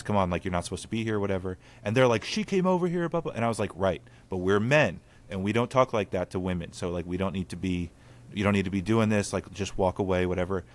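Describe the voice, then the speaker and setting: A man, hosting a casual podcast chat and telling stories earnestly with many "like" fillers. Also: deep voice. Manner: storytelling, earnest, lots of "like" fillers. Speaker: podcast host.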